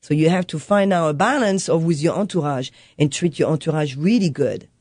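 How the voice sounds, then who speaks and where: A woman's voice: deep voice, fairly quick, darkish tone, no echo, clean studio sound. A woman, a coffee shop owner who speaks as a guest in a casual interview chat and acts out customers and her son as she tells stories. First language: French.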